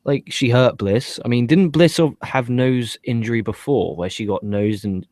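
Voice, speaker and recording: Profane, excitable man. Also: medium pitch, normal speed, no echo. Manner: profane, rambling, excitable banter. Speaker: podcast co-host. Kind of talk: casual wrestling review chat.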